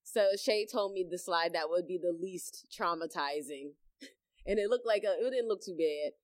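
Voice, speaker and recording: A young adult woman co-hosting a casual chat, telling stories with lively acted-out reactions and frequent laughter. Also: fairly low pitch, normal speed, dry recording. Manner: animated storyteller, acts out her own reactions loudly, laughs often. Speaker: podcast co-host.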